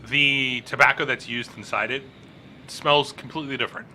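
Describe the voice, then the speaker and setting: A man narrating a tabletop role-playing game as game master, describing scenes in a relaxed, halting way with many fillers. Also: mid-range voice, a little hiss or hum.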